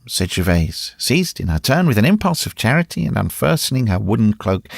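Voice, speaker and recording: A man narrating a classic novel in a dramatic, expressive reading. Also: lowish voice, a little fast, vocal fry, hardly any pauses, dry recording, studio quality. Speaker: audiobook narrator. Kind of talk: scripted narration.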